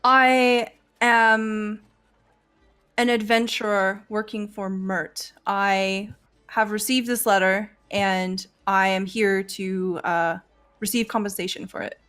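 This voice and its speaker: A woman voicing a humble female half-orc adventurer in a tabletop game, speaking low, careful and formal. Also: fairly even intonation, takes it slowly, fairly bright tone, clear, resonant tone, soft background music. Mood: guarded.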